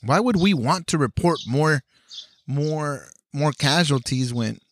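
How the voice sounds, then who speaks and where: A man's voice: a little high, takes it slowly, a little hiss or hum. A man co-hosting a podcast, chatting casually with many hesitations and restarts. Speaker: podcast co-host. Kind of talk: casual chat.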